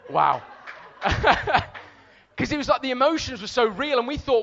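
Preacher telling a lively story. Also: male voice, extremely high pitch, measured pace, creaky, lo-fi sound. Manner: storytelling, animated with shouted re-enactments. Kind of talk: sermon.

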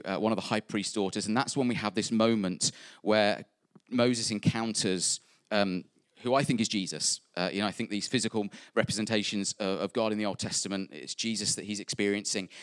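With a fairly low voice recorded in studio quality without echo, a man delivers a chatty church sermon. He reads from scripture, cracks little jokes, wanders into asides and cuts himself off with fillers.

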